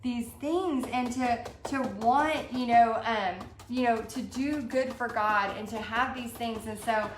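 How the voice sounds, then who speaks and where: A woman's voice: on the high side, a little slow, hardly any pauses. A woman, hosting a live-streamed motivational talk for a paint party business, earnest and fired up, talking with lots of "you know" and "like". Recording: echoey room with faint background hum.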